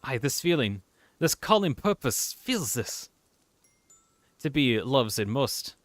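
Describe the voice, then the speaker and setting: A man voicing a mystical magical woman with a put-on Scottish accent, speaking in halting, archaic phrases. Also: medium pitch, sing-song, no room sound, soft background music. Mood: dreamy.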